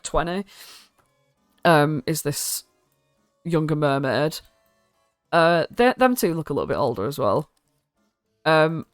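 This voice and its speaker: A woman with a British accent, narrating as dungeon master, casual and sweary, doing quick voices for the characters. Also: sits low, dry recording, studio quality. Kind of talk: narrating a tabletop game.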